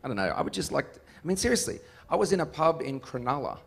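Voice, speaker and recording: A man, a musician being interviewed. He tells stories in an animated, joking way and laughs often. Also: fairly high pitch, fast talker, vocal fry, slightly rough. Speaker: musician guest. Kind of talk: casual interview storytelling.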